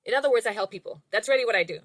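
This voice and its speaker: A woman guest on an interview podcast, a money and life coach, speaking in an earnest, measured way. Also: on the high side, lively intonation, no room sound. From outside the US. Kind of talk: reflective interview answers.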